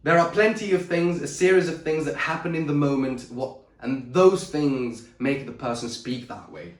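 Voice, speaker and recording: A man's voice: fairly high pitch, moderate pace, echoey room. A man teaching public speaking in a video lesson at a board. He speaks emphatically, trips over words now and then, and keeps checking in with "okay?" and "all right?". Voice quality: says he is a bit dyslexic and trips over words. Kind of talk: talking-head video lesson at a whiteboard.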